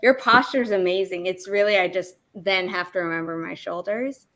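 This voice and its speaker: A woman with a bright, forceful voice, hosting a writing sprint livestream. She chats casually between sprints, tossing out quick asides. She counts everyone down into the next round. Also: lowish voice. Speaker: writing sprint stream host.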